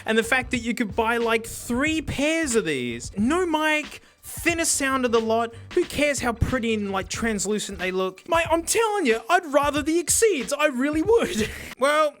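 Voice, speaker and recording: Australian man, gadget reviewer, sarcastic, excitable, bright forceful tone, high-pitched voice, faint music underneath. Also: unhurried. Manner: excitable and sarcastic, laughing, with big pitch swings. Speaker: host reviewing cheap headphones. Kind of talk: comedic product review.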